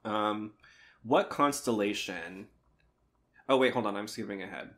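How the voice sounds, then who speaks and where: A man's voice: fairly low pitch, unhurried, a bit bright. A man co-hosting a podcast in casual chat, rambling and sometimes losing his train of thought. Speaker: podcast co-host.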